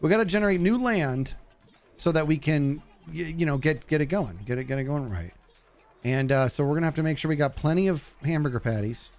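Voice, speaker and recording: A man streaming a game live, chatting goofily with his viewers as he plays. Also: fairly quick. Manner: goofy, talks to chat, jumps high in excitement. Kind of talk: live gameplay commentary.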